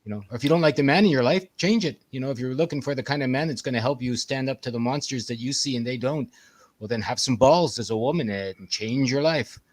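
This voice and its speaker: A man's voice: mid-range voice, fast, no echo. A man with a Canadian accent, co-hosting a casual livestream chat in a blunt, opinionated, rambling way. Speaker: co-host.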